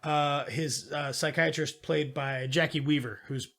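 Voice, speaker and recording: A man with a slightly higher-than-usual pitch and a gravelly edge chats through a movie's plot in casual podcast style. He swears freely and acts out bits of dialogue as he goes. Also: measured pace. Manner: profane, animated retelling of plot with quoted voices. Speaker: podcast co-host. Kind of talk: casual movie review chat.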